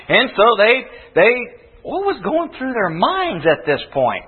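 Preacher guy, high voice, tells it like a story, loud then real quiet, phone-like sound. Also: wildly swooping pitch, measured pace, breathy edge. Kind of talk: sermon. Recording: tinny phone-like recording.

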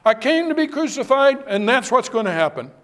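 High, lively-voiced impassioned male preacher. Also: brisk. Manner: impassioned, swinging from hushed to raised; pleading, direct address to listeners. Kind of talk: evening sermon.

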